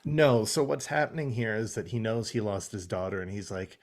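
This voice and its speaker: Young male podcast co-host, low voice with big swings, profane and animated. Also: a little fast, hardly any pauses. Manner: animated, swearing, acts out characters' lines. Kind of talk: casual podcast chat.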